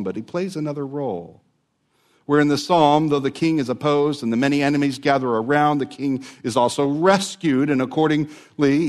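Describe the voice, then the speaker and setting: Brief: male preacher, middle pitch, earnest and conversational, building to emphatic peaks. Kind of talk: sermon.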